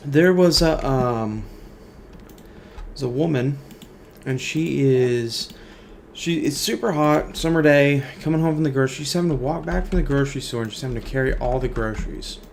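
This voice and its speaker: A man's voice: medium pitch, moderate pace, creaky, a little hiss or hum. A man streaming a video game, chatting casually and telling a long rambling joke. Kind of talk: casual chat while gaming.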